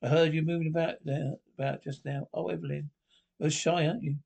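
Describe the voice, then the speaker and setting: A fussy, prim professor of birds who wheedles and flusters in the coy manner of a 1970s film comedy. His voice sits a touch high for a man, with a gravelly catch at the edges. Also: fairly even intonation, brisk, a little mellow. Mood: coy, wheedling. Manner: coy, flustered and fussily polite. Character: fussy, prim middle-aged male bird professor. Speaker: ornithologist on an expedition.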